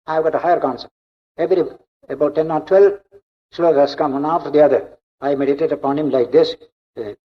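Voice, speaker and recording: A man giving a spiritual discourse as a monk, explaining emphatically and repeating key points. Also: fairly high pitch. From India. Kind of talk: spiritual lecture. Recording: dull lo-fi recording.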